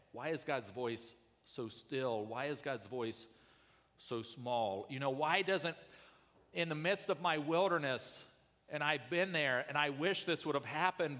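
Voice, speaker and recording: Guy preaching a sermon, gets loud then real quiet, echoey church hall. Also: mid-range voice. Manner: earnest preaching, rises loud then drops soft. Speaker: pastor.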